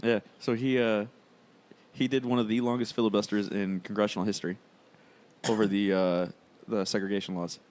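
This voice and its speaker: A man's voice: on the low side, flat delivery, fairly quick, darkish tone. A man in casual podcast chat, laid-back and full of uhs and likes. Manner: laid-back, filler-heavy talk with frequent uh and like.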